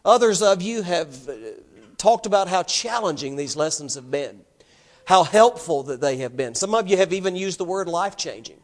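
A pastor with a high voice delivers an emphatic sermon. He keeps putting rhetorical questions to his congregation and pressing each point home. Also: expressive, moderate pace.

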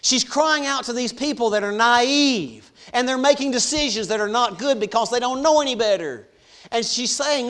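High-voiced preacher with dramatic swings. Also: male voice, animated. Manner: dramatic swings from soft to loud, slows for emphasis. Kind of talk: sermon.

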